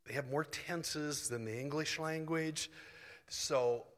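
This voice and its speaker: A middle-aged man preaching in an easygoing, animated way, poking fun at himself as he goes. His voice is bright and forceful, a little high for a man. It rings out with a long reverb, as in a large hall. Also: slow pace. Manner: conversational, animated, self-deprecating. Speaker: pastor. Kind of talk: sermon.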